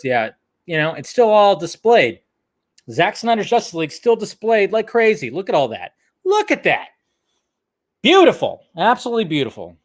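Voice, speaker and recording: A male host giving casual movie news commentary, excitable, swearing freely and laughing often. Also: on the high side. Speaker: host of a film news channel.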